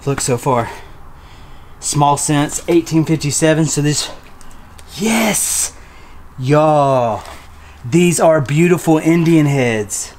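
A man filming an excited unboxing vlog in a small storage unit, calling out finds to viewers. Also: a little high, slow pace, pauses often, a little hiss or hum. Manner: addresses viewers as y'all, gasps and exclaims.

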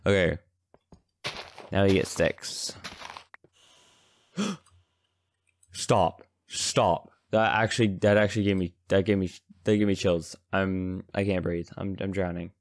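A man's voice: low voice, steady tone, takes it slowly, long pauses, no room sound. Jumpy young man gaming, dry mic. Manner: jittery, frightened, repeats pleas. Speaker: gamer streamer. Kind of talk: let's play commentary.

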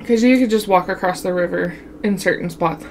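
A young woman from Wyoming, a mukbang vlogger, chats with viewers in a casual vlogger voice that's lowish and a little fast. She tells stories, calls her audience y'all, and laughs a lot, with a faint hiss in the recording.

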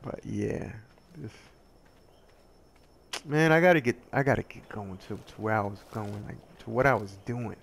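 A man plays a survival game while giving casual, rambling commentary, joking at his own expense, getting easily sidetracked and yelping excitably when something attacks him. His voice is lowish, gravelly and a little slow, with frequent pauses and slight background noise.

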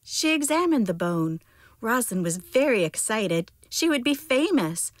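A woman reading a children's picture book aloud at storytime, clear and expressive. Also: a little high, normal speed, no room sound, clean studio sound. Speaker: storytime reader.

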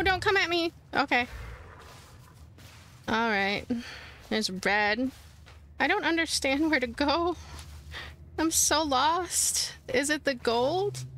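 A woman's voice: on the high side, a bit bright, a little hiss or hum. Giggly, jumpy let's-play woman. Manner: chatty, jumpy, shrieks and giggles when startled. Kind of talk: casual gameplay commentary.

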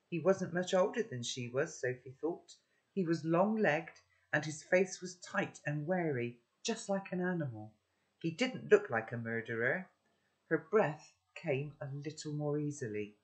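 A man's voice: a little high, lively intonation, measured pace. A man teaching children, recapping the story with friendly tag questions and then reading a chapter aloud.

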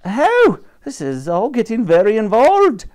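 Man squeaking out a high loud flustered cleaning lady, all overexcited and jumpy. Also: wildly swooping pitch, unhurried, full character voice. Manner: shrill, breathless, overexcited. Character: excitable, timid cleaning woman.

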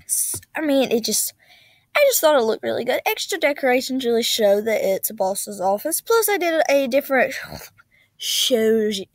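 A woman's voice: sits high, big pitch swings, moderate pace, no room sound. A young woman casually narrating a game video, chatty, with many ums and likes.

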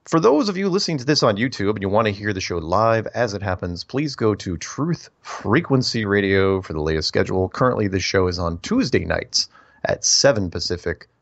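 Male radio host, gravelly voice, rambling announcements, dull dry lo-fi sound. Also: on the low side, expressive, a little fast, dry recording. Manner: rambling, self-correcting, spells out contact details. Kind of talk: call-in radio show announcements.

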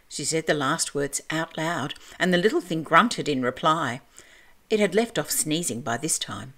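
Woman storyteller, lower register, clear and expressive, measured read-aloud. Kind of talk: reading a classic children's book aloud.

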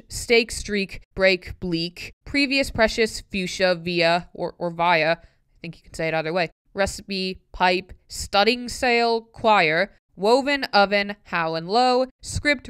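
Woman vlogger, slow careful reading, very clear crisp voice, dry close sound, puzzled self-mocking asides. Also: mid-range voice, a bit bright, no echo. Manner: puzzled, self-mocking asides between tongue-twister words. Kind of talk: casual reading aloud with asides.

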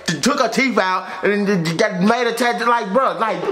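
A young man co-hosting a couple's vlog, teasing his fiancée in loud, joking banter, sometimes shouting and sometimes dropping to a mumble. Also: sits high, moderate pace. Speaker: vlog co-host.

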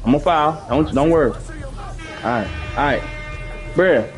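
Speaking at a normal speed in a voice on the high side, this young gaming streamer plays a basketball video game over faint background music. He talks live with his teammates, coaching and scolding them in slangy, profane, casual language.

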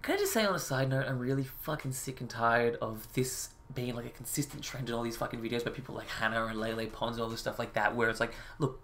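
A man's voice: mid-range voice, fast talker, few pauses, a bit bright, a little hiss or hum. A man hosting a reaction video, ranting with heavy profanity and exasperation. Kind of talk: ranting commentary.

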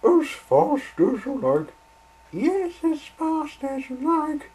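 A man voicing tearful female train coaches in a high wailing voice. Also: very animated, slow, a little mellow, exaggerated voice, poor audio. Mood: singing.

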